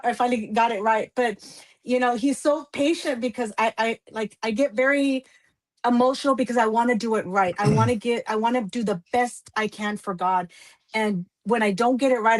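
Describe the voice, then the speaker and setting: Woman guest singer from Texas; effusive, emotional, quick to laugh at herself, voice sitting a little high. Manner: emotional, effusive, self-deprecating. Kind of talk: casual radio interview.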